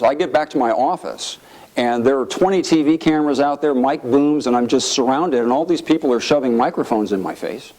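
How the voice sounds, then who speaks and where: A man's voice: medium pitch, poor audio. A middle-aged man, a former congressman, telling stories to an audience, acting out the quotes with a raised voice. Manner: lively storyteller, acts out quotes with a raised voice. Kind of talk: anecdotal speech to an audience.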